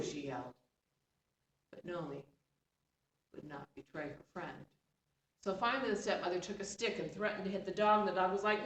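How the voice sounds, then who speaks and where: A woman's voice: on the low side, normal speed. A woman storyteller telling a folktale expressively, with chatty asides to her listeners. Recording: roomy, distant, faint background hum.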